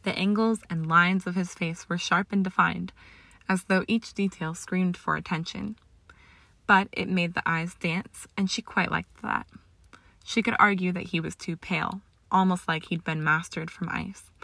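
Low, gravelly woman reading a story aloud. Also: moderate pace, no room sound. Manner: steady storytelling with small slips. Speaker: narrator. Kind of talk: reading fan fiction aloud.

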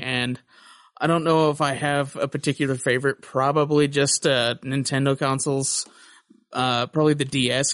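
A man's voice: mid-range voice, fairly bright tone, no echo, clean studio sound. A young man co-hosting a gaming podcast, rambling casually with many fillers. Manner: rambling with lots of uh and like. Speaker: podcast co-host. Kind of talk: casual chat.

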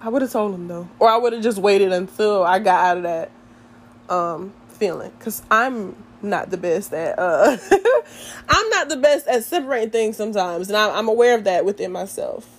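A young woman, chatting casually to her viewers and telling an animated story. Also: mid-range voice, moderate pace. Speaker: vlogger.

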